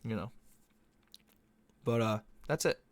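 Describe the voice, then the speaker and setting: A man's voice: medium pitch, slow. A young man hosting a podcast, talking casually in a loose, profane, meandering monologue. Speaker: podcast host. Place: Arizona.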